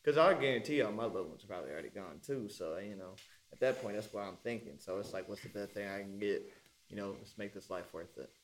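A man in a casual group chat, joking and telling animated stories. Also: lowish voice, fast talker.

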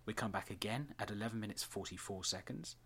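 A man giving chatty, scene-by-scene commentary on a TV episode. He often pauses with fillers as he talks. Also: fairly low pitch, bright, forceful tone, breathy edge. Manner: chatty, halting with many fillers. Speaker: episode reviewer.

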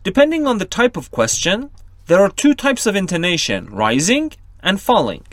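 Persian-speaking guy teacher on a podcast, patient explainer, very lively pitch. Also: a little fast, no room sound. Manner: gives examples and explains patiently. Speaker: guest English teacher. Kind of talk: podcast discussion.

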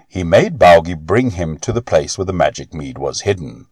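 Male storybook narrator, deep, expressive, dry close mic. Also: dry recording. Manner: expressive, unhurried reading.

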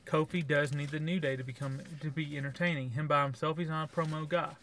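A man's voice: on the high side, fairly even intonation, fast, fairly bright tone, a little hiss or hum. A man co-hosting a podcast, giving blunt, sarcastic opinions in casual review chat. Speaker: podcast co-host.

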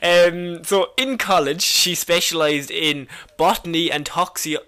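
A man's voice: fairly high pitch, measured pace, pushed and bright. A man co-hosting a podcast, explaining a comic villain's history in a casual, jokey way and laughing often. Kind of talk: casual chat.

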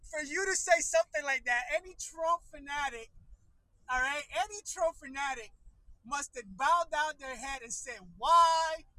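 High-voiced, profane ranting man. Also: pushed and bright, dry recording, low-quality recording. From United States. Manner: profane, exasperated, laughs often mid-sentence. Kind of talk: casual ranting commentary.

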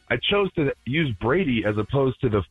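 A man phoning in to a radio show to tell a joke. His voice is husky and he sounds close and dry. He speaks playfully and chuckles. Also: medium pitch, big pitch swings, moderate pace, no room sound, narrow, tinny audio. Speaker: caller. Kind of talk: phone-in joke telling.

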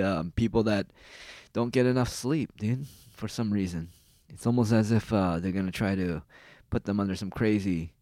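A man's voice: lowish voice, mellow, dry recording, clean studio sound. A man ranting casually in a sarcastic, profane and rambling way, jumping from one complaint to the next.

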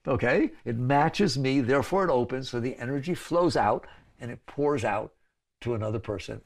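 A man's voice: mid-range voice, expressive, normal speed. A man teaching a spiritual talk to an audience, conversational, often checking in with "right?" and "okay?" and laughing between points.

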